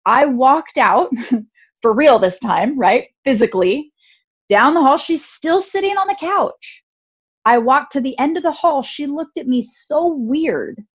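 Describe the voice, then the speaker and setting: Chatty and lively, a high-voiced woman appearing as a podcast guest shares a personal story, filling it with "like" and quick bursts of laughter.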